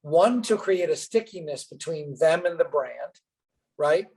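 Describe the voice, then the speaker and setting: A middle-aged businessman, a podcast guest, telling an anecdote in an animated way and acting out both sides of the dialogue. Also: fairly high pitch, measured pace, breathy edge, low-quality recording. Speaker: guest entrepreneur. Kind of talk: storytelling interview answer.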